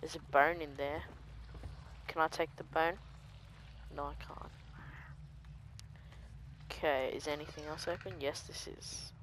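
Hushed, slow-talking game commentator. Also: mid-range voice, little pitch movement, slight background noise. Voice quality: hushed, easily startled. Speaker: video game let's-play commentator. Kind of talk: quiet let's-play commentary.

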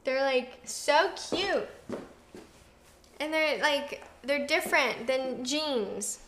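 A woman in her twenties co-hosting a casual livestream from a home kitchen, chatty and animated. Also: sits high. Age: 20s. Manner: chatty, quick and animated, lots of "like". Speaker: co-host of a livestream. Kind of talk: casual chat.

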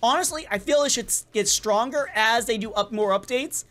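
Excitable rambling gaming commentator man. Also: very high-pitched, fairly quick. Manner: excitable, rambling, stumbles and repeats words. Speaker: gaming YouTuber. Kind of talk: casual gameplay commentary.

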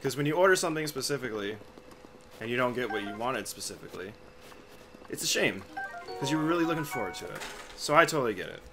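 A man's voice: medium pitch, lively intonation, quick pace, long pauses, music in the background. Laid-back man chatting on a livestream. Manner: reads chat names aloud, laid-back and chatty. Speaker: livestream host. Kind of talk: casual livestream chat.

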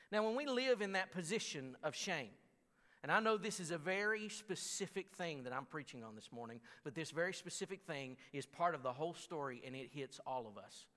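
A man's voice: on the high side, bright, forceful tone. A man preaching a sermon as pastor, talking in a conversational way with frequent restarts and stammers, and reading scripture aloud with mounting force. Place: church sanctuary. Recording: long church hall reverb.

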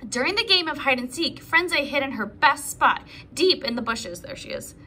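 With a voice that sits high, a woman teacher shares a picture book with a preschool class, stopping now and then for little comments to the children. Her storytelling is slow and animated, over a bit of background noise.

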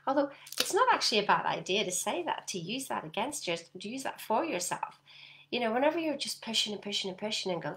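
A woman's voice: fairly high pitch, quick pace. Emphatic woman life coach. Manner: animated, emphatic, addresses viewer directly with frequent "yeah?". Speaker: personal development coach. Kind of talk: motivational talk to camera.

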